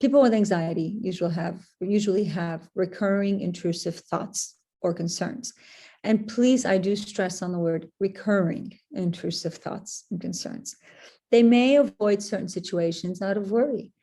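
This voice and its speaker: A woman's voice: mid-range voice, moderate pace, warm tone. A woman therapist giving an earnest webinar talk to parents, repeating points and saying "you know" and "um" often.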